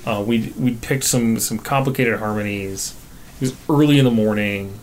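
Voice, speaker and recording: A man's voice: fairly low pitch, normal speed, slight background noise. A Canadian man co-hosting a casual chat about recording cover songs, rambling with fillers and restarts. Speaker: podcast co-host.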